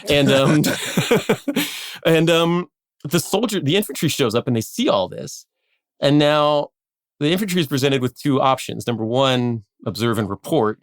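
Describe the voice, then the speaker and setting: A man casually telling a history story on a podcast, animated, acting out quotes and laughing often. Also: medium pitch, unhurried, no room sound, studio quality.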